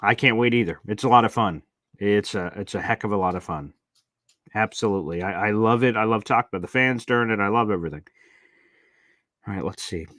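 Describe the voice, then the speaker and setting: A young adult man hosting a casual live-stream chat, reading viewer comments aloud and rambling into animated stories. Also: fairly low pitch, brisk, no room sound. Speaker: live show host.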